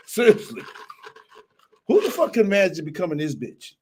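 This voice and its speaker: A man hosting a casual commentary stream. He swears freely, mocks and laughs often, and his voice swings up and down with lively pitch. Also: moderate pace, pauses often, a little hiss or hum. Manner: profane, mocking, laughs often. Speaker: host.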